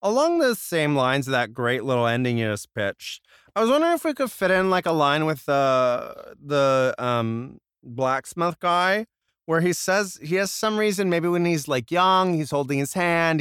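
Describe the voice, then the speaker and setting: Joking podcast guy, voice jumps all over, smooth, dry close mic. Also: fairly high pitch, fairly bright tone, no room sound. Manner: playful, hums and does joke voices. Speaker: podcast co-host. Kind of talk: comedic banter.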